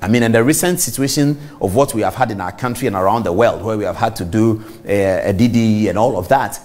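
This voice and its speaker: A man's voice: fairly low pitch, fast talker. A middle-aged man with a Ghanaian accent, hosting a TV talk show and delivering an emphatic commentary monologue straight to viewers. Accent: Ghanaian English. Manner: emphatic, animated, addresses viewers directly.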